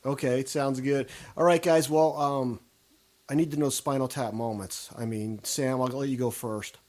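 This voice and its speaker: A man hosting a rock radio show interview, upbeat and quick to laugh. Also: medium pitch, fairly even intonation, darkish tone.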